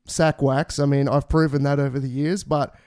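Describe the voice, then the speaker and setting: A man's voice: medium pitch, little pitch movement, moderate pace, a little mellow. An Australian man hosting a podcast, chatting casually with crude, joking banter and plenty of swearing. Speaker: podcast host.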